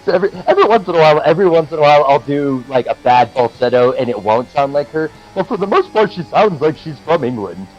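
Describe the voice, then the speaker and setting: A man narrating as game master of a tabletop game, animated and cursing freely. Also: on the high side, fast, few pauses, muffled recording, faint music behind. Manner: animated, swearing, laughing.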